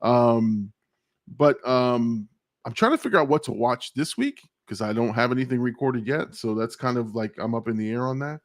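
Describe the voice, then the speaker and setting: A man's voice: mid-range voice, animated, moderate pace, no room sound, studio quality. A man hosting a live stream, chatting casually, laughing and swearing as he tells stories. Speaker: show host.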